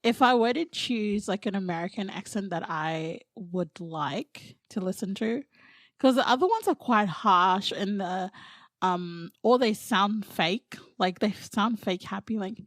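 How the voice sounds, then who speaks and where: A woman's voice: medium pitch, a little slow, dry recording. Giggly woman on a podcast, dry sound. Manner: giggly, animated, laughs often. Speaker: podcast co-host. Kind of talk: casual comedic chat.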